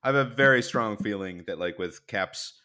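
A man's voice: fairly low pitch, normal speed, pushed and bright. A man co-hosting a podcast, chatting playfully about a movie, sharing trivia and laughing often. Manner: giggly, playful, drops trivia. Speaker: podcast co-host. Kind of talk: casual movie-review chat.

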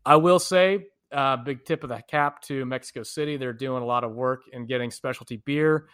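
A man's voice: medium pitch, normal speed, fairly bright tone, smooth. A man, a podcast co-host from the United States, animatedly telling travel stories in a casual chat, laughing often.

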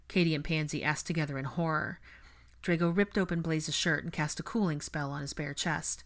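A woman narrating a fan fiction audiobook in a steady storytelling manner. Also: sits low, brisk. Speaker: audiobook reader.

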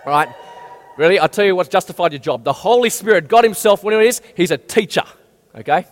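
A male pastor preaching a lively sermon and asking his listeners many questions. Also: sits high, a little fast. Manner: animated, asks the audience many questions. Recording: long hall reverb.

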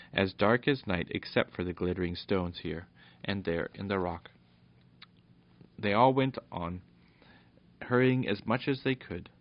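On a muffled, lo-fi recording, a low-voiced man narrates a children's storybook at an even pace, tripping over words now and then.

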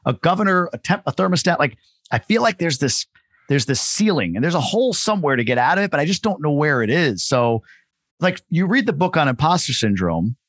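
A man hosting a podcast talks quickly and candidly, spinning stories full of quoted back-and-forth. His voice sits in a middle range and sounds dry, close to the mic. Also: on the high side, sing-song, fairly bright tone, dry recording. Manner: fast, candid, storytelling with quoted dialogue. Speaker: podcast host. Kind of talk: casual conversation.

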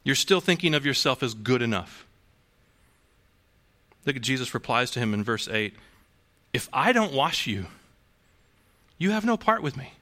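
A man's voice: mid-range voice, big pitch swings, normal speed, pauses often, sharp tone. A man preaching a sermon to a congregation in a conversational way, asking rhetorical questions and restarting phrases. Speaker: pastor.

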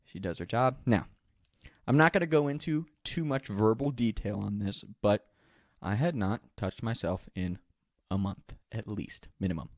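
A man's voice: lowish voice, normal speed, no echo, studio quality. A man telling a candid, profane story in a casual way, often laughing as he goes. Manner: laughs through his own story.

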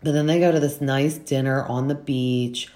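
A woman's voice: a bass voice, steady tone, normal speed, mellow. A young woman hosting a casual recap show, chatting with lots of fillers and acting out what the cast said. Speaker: podcast host recapping reality TV.

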